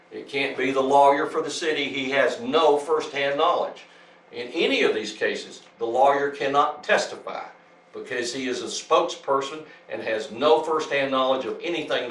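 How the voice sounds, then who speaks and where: A man speaking at a public talk lectures and reads out legal statements at medium pitch and moderate pace, with a fairly bright tone. He is emphatic and repetitive, frequently restarting sentences, and sounds far off in an echoey room.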